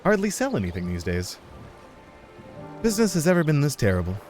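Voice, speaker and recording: A man's voice: fairly high pitch, huge pitch swings, brisk, a little mellow, soft background music, voice pushed up. A man reading lines as a weary, resigned male harbor trader in a video game, in a gloomy, sighing way.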